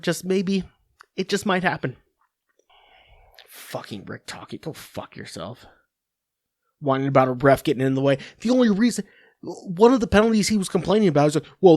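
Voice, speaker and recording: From his home office, a man hosting a sports podcast unloads a crude, sarcastic rant into his computer microphone. He speaks at a fairly high pitch, and the recording is clean and echo-free.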